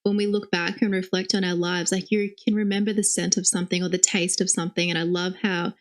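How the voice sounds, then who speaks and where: A woman's voice: on the low side, level tone, fast talker. A young woman co-hosting a podcast, reflecting and affirming what her guest says. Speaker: podcast co-host. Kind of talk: conversational podcast interview.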